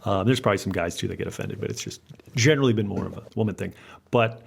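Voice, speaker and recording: A man's voice: fairly low pitch, fast, creaky, husky. A man who is a city mayor, the guest on a podcast, chatting casually and poking fun at himself, often tagging on "right?". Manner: self-deprecating, rambling, says "right?" a lot. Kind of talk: casual chat.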